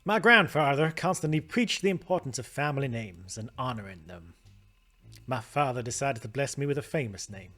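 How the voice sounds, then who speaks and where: A man's voice: mid-range voice, very animated, normal speed, sharp tone, faint music behind. A man reading out a glamorous 1950s woman star's magazine interview in a put-on accent. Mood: proud.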